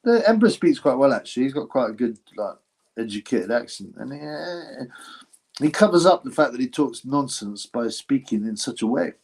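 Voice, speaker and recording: A man's voice: mid-range voice, sing-song, moderate pace, vocal fry, a little mellow, slightly rough. A man hosting a live stream, giving blunt, mocking commentary on a boxing match and reading out chat comments. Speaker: livestream host reacting to a boxing fight.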